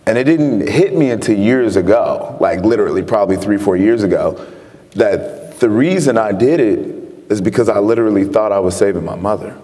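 A man's voice: fairly low pitch, fairly quick, warm tone. A man from Chicago telling his story earnestly as a guest author in an onstage interview. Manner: earnest storytelling, laughs often. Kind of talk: onstage interview before an audience. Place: lecture hall with an audience. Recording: long reverb of a hall.

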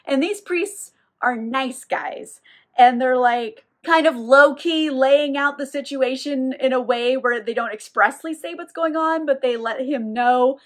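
A chatty woman with a slightly high voice retells a novel's plot in a loose, irreverent way. She swears casually and slips into quick voices for the characters. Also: lively intonation. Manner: chatty, irreverent, swears freely, acts out quoted lines. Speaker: book reviewer. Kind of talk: casual book recap.

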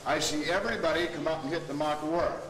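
A man's voice: on the high side, fairly even intonation, fast. A man teaching a martial arts seminar, coaching students while demonstrating technique. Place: training hall at a seminar. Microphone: camera mic from a distance. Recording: echoey hall from far off, noisy.

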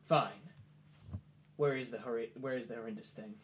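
A man's voice: medium pitch, steady tone, normal speed, slight background noise, natural voice. A man doing a grim, stern wounded warrior.

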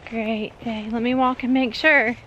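Walking around her farm outdoors, a Southern US woman vlogs casually, chatting while out of breath and loudly calling for her animals. Her voice sits fairly high, with a flat delivery and slightly slow pace. The audio is dull, with a little background noise.

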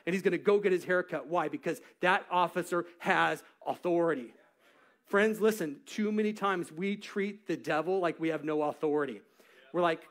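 Middle-aged pastor, lively sermon delivery, voice sits a touch high, acts out voices. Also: male voice, a little fast. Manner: animated preaching, acts out quotes, swings from loud to hushed. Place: church stage.

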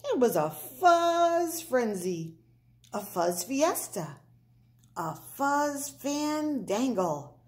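A woman reads a children's picture book aloud at a very slow, deliberate pace. Her voice leaps and dips with lively expression, playing up every sound effect. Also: high-pitched. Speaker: storybook reader.

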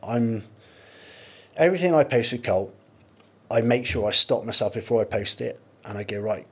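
A man's voice: mid-range voice, breathy edge. A man, a podcast guest, talking candidly in casual chat with many restarts and storytelling. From United Kingdom.

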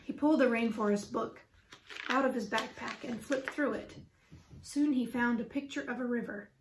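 A woman narrating a children's chapter book aloud in a clear, steady storytelling manner. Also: fairly high pitch, normal speed, background noise. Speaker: reader. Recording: roomy echo.

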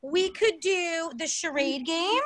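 A woman leading a children's dance class over a video call, slow and cheerful. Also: very high voice, fairly bright tone, no room sound. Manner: cheerful, slow and sing-song with small children. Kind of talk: online kids' dance class.

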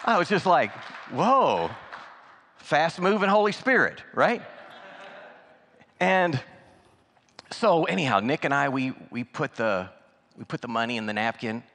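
A male guest preacher tells his story in a middle-pitched voice, acting out each line of dialogue with animation. His voice carries the long reverb of a church sanctuary. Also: animated, measured pace, long pauses, a bit bright, some chatter behind. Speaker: guest speaker. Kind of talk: sermon storytelling.

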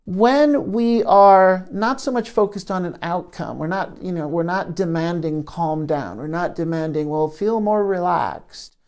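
A male therapist teaching in a gentle, reflective monologue, pausing and restarting as he thinks. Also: high voice, smooth. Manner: gentle, thoughtful, with frequent pauses and restarts.

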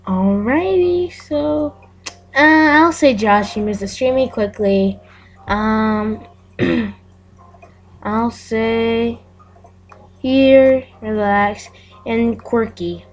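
Speaking extremely slowly with frequent pauses, this woman has a fairly high voice. She hosts gameplay videos, chatting casually and narrating aloud while she plays, with plenty of giggling.

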